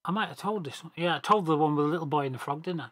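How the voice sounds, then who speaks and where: Speaking very fast in a voice on the high side, a gamer on his team's voice chat tells a long joke. He rambles casually, restarting and correcting himself along the way.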